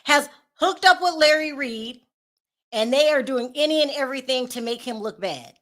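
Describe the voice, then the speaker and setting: A woman's voice: sits high, expressive, normal speed, fairly bright tone. A woman hosting her own commentary show, talking casually with sarcastic, sassy asides and laughing at her own remarks. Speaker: commentary vlogger.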